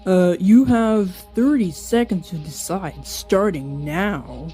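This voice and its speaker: Giggly, slow-talking story reader. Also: medium pitch, mellow, soft background music. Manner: giggly, self-mocking asides. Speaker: author reading an old story. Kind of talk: reading aloud with joking asides. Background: slowed-down song.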